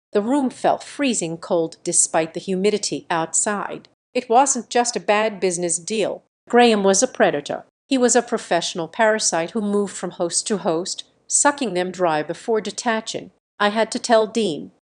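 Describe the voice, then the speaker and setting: Woman narrator, even and steady, reads a first-person drama tale. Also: mid-range voice, normal speed, few pauses. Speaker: storytime narrator. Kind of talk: scripted first-person storytelling.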